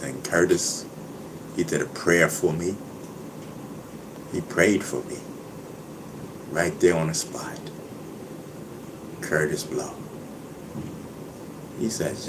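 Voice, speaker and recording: A man's voice: low-pitched, very animated, takes it slowly, pauses often, background noise. A man talking casually to his viewers, boastful and laughing, who keeps saying "you know what I mean". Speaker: vlogger.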